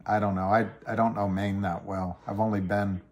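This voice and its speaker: A man's voice: fairly low pitch, little pitch movement, normal speed, a little mellow. A middle-aged man hosting a casual livestream, rambling and self-deprecating as he talks through trades and answers viewer comments. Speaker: livestream host. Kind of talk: casual livestream chat about stocks.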